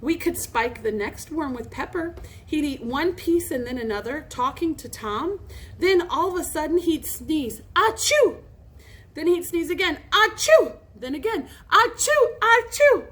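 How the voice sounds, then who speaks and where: A woman voicing a scheming young boy who acts out loud, theatrical sneezes in a storybook reading. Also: high-pitched, moderate pace, voice pushed up. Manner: animated, acting out scenes.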